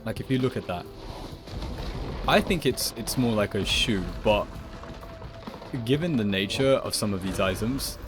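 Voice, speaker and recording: Man, low voice, goofy rambling game commentary, loud game music behind. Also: expressive, unhurried, long pauses. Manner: goofy, rambling, jokingly dramatic asides. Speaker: gaming video creator. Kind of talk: playful gameplay commentary.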